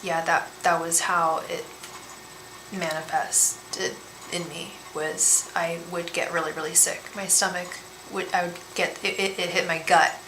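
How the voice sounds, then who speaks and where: A woman reading tarot cards on a live stream, talking gently and emotionally, often repeating and restarting her words. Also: on the low side, little pitch movement, measured pace. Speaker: tarot reader and psychic medium. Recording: echoey room with faint background hiss.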